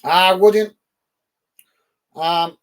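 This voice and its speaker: A man's voice: sits high, fairly even intonation, very slow, clean tone. A man from the UK hosting a live football watch-along, calling the match and chatting casually with viewers, with frequent ums and uhs.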